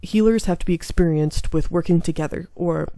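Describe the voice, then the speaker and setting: A grave, serious young man, a half-god healer in a story game, as a woman reads him. He talks quietly and earnestly, with a touch of gravel. Dry, close sound. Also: on the low side, a little fast, no room sound, voice pushed down, natural voice.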